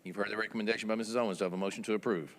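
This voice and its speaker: Brisk man chairing a town meeting. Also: on the low side, fairly even intonation, big-room sound, a little hiss or hum. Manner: brisk, rattles through motions like an auctioneer. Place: town board meeting room.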